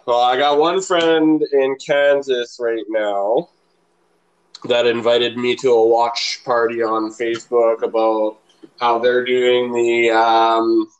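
A man's voice: medium pitch, flat delivery, slow, smooth, dull audio. A man in casual chat, rambling and crude, swearing often.

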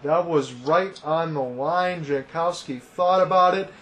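Excitable high-voiced male play-by-play caller. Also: a little slow, a little hiss or hum. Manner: calm analysis that rises to loud excited calls on big hits. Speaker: play-by-play commentator. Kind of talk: fan broadcast baseball commentary.

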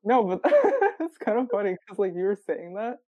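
Young woman, husky and lively in pitch, hesitant and self-mocking, dry sound. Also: moderate pace, no echo, lo-fi sound. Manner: self-deprecating, hesitant, laughs. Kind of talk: casual chat.

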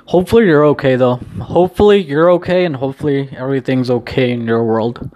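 A young man talking casually to camera in a daily vlog at home, rambling and hesitant, swearing now and then, in a low-key, downcast way while pacing indoors. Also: fast talker, darkish tone, muffled recording. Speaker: vlogger.

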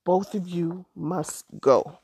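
A woman's voice: fairly low pitch, slow pace, warm tone, breathy edge, no echo, heavily acted. A woman voicing a proud, firm father in a storybook. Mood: fatherly. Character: proud loving father of two daughters.

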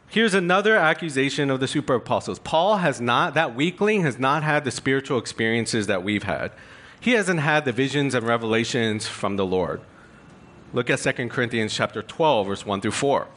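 A man's voice: mid-range voice, expressive, moderate pace, fairly bright tone. A man preaching a sermon, reading scripture aloud with emphatic, rising stress. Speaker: pastor.

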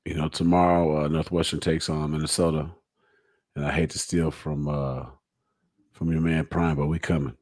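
A man's voice: rumbling low, level tone, normal speed, a little mellow. A man co-hosting a casual sports podcast, trading playful jokes and banter. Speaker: podcast co-host.

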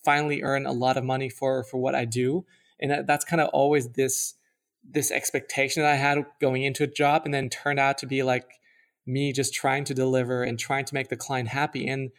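Gravelly-voiced man co-hosting a podcast. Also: medium pitch. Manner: rambling, many "like" fillers and restarts. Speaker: podcast co-host. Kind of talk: casual chat.

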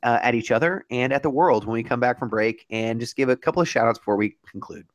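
A man's voice: medium pitch, quick pace, no room sound. A man co-hosting a discussion podcast, arguing his point in a pointed, heated way. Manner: pointed, argumentative. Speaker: podcast co-host. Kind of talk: heated debate.

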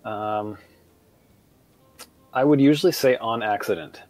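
Relaxed American man chatting. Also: lowish voice, measured pace, dry recording, faint music behind. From United States. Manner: relaxed, thoughtful, many fillers and restarts. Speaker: guest teacher. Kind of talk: casual conversational chat.

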